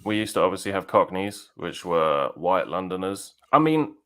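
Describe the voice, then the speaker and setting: A man's voice: deep voice, very animated, normal speed, bright, forceful tone. A man with a southern English accent, co-hosting a podcast in blunt, casual chat and laughing easily.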